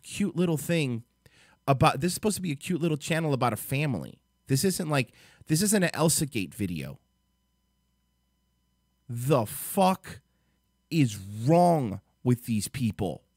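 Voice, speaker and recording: A man hosting a live stream, reacting to videos in an angry, profane rant and reading web text aloud in a low mutter. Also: big pitch swings, a little fast, no room sound, clean studio sound. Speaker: livestream host.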